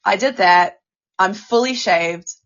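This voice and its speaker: A woman's voice: medium pitch, slow pace, a bit bright. Nz woman on a podcast, stammers and swears heaps, kinda muffled lo-fi sound. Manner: emotional, stammering, swears often. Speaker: podcast co-host. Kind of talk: casual podcast chat.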